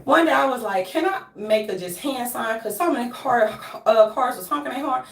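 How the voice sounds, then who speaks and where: A woman's voice: moderate pace, creaky, recorded from a distance. Emotional woman vlogging in an echoey room. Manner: emotional and rambling, with sudden leaps in pitch. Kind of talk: casual monologue to viewers.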